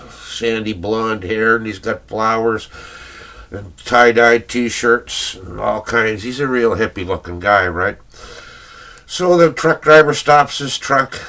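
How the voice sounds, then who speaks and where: A man's voice: lowish voice, sharp tone. An older man casually rambling through his record collection, chuckling and searching aloud for names he can't recall.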